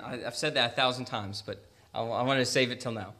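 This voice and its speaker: Male preacher, bright voice, animated and humorous sermon delivery. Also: medium pitch, fairly quick. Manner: animated, jokes and acts out Jonah's angry prayer.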